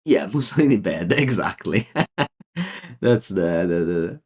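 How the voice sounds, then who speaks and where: Italian guy streaming a card game, deep voice, rambles and ums a lot while chatting to viewers. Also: big pitch swings, measured pace, vocal fry. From Italy. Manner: rambling, many fillers and restarts. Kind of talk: casual gameplay commentary, answering chat.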